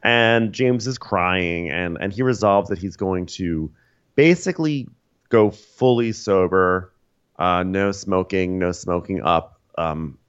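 A man with a very low voice co-hosts a casual podcast, recounting scenes in a wry, meandering way. He pads his sentences with fillers and drily questions what he saw. The recording is a touch dull and lo-fi. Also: slow, smooth. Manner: wry, rambling storytelling with many fillers. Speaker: podcast co-host. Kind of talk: casual recap chat.

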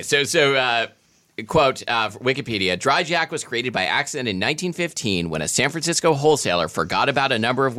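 A man's voice: mid-range voice, a bit bright, no echo, studio quality. A man co-hosting a podcast in casual chat, talking with many hesitant restarts and fillers. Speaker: podcast co-host.

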